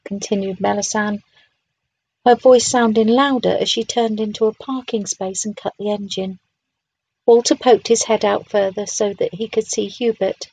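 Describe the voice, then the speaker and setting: A woman reading a children's storybook aloud in a gentle, unhurried way and talking to her listeners. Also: medium pitch, fairly even intonation, slightly rough, low-quality recording.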